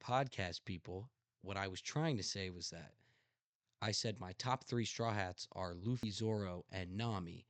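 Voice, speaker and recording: A man's voice: deep voice, measured pace, no echo. A young man hosting a podcast in casual chat, telling a story with emphatic passion and the odd swear. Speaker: podcast host.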